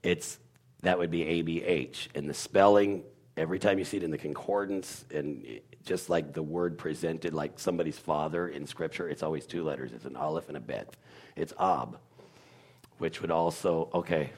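A man with an extremely low, deep voice, talking as a guest about Hebrew letters. He searches for words, hesitating often, and slowly sounds out syllables to show how they are pronounced. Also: steady tone, a little mellow. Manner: halting, searches for words with many fillers. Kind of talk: casual explanatory talk.

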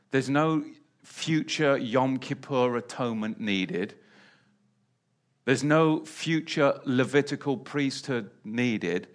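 A mid-range male voice delivers a sermon, returning again and again to key phrases while shifting from booming declarations to quiet asides.

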